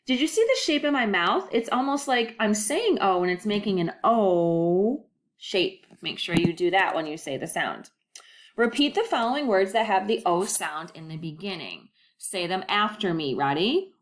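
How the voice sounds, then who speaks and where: Slow, lively-voiced woman teaching phonics. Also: medium pitch. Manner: slow, deliberate, with drawn-out model words; encouraging, sing-song classroom delivery. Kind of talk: recorded phonics lesson.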